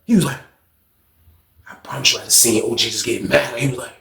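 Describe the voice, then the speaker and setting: A man telling a story in a casual, slangy way, animated and often laughing. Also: mid-range voice, brisk, creaky, crowd noise. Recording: roomy echo.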